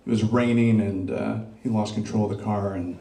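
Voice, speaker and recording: A middle-aged man performing a stand-up comedy set, doing crowd work and dropping deadpan dark punchlines on a club stage. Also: lowish voice, fairly quick, creaky. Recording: roomy club sound, mic picked up from a distance.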